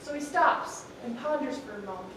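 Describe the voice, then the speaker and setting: Woman, comic live storytelling, playful asides, high lively voice, roomy hall, heard from afar. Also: moderate pace, recorded from a distance, noisy background. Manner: playful, chatty asides, laughing. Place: theatre stage, live performance.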